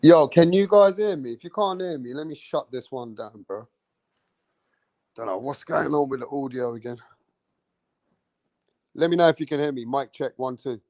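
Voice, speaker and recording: A man, hosting a livestream and loudly teasing and daring his chat, swearing freely. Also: mid-range voice, moderate pace, pauses often, no room sound, highs cut off. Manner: loud, teasing, swears a lot, goads the chat. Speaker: livestream host.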